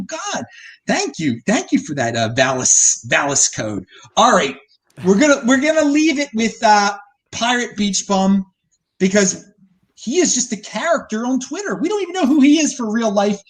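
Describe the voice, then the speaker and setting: A man hosting a casual podcast, joking excitably and stumbling over his words. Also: high voice. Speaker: host.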